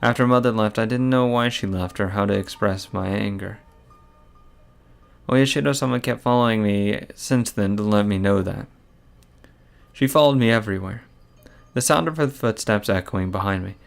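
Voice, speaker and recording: A troubled young girl haunted by a curse, read aloud by a man in his own low, gravelly voice. The lines come in a plain reading tone with little put-on change, over faint game music. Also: moderate pace. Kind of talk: reading a visual novel aloud.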